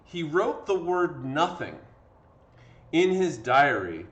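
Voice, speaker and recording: Very animated yet slow, this man's fairly high, somewhat bright voice comes through lo-fi audio. He's giving a laid-back history lecture over video, tired from all the talking, chatting along with plenty of fillers while acting out quotes.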